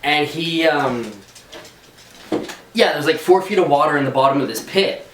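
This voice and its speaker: A man's voice: a little high, moderate pace, a bit bright, far from the mic, a little hiss or hum. A young man co-hosting a podcast, telling a rambling anecdote in casual chat, full of likes and restarts. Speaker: podcast co-host. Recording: echoey room, voice off-mic.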